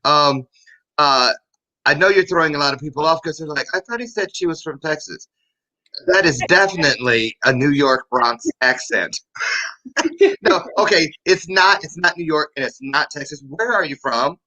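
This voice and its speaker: A man's voice: fairly high pitch, moderate pace, sharp tone, rough recording. A man hosting a talk show interview in a playful, joking manner. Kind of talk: interview conversation.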